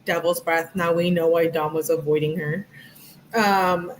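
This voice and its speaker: A woman's voice: on the low side, fairly even intonation, a little slow, slight background noise. A woman hosting a live stream, giving casual commentary in a sarcastic, mocking way and laughing often.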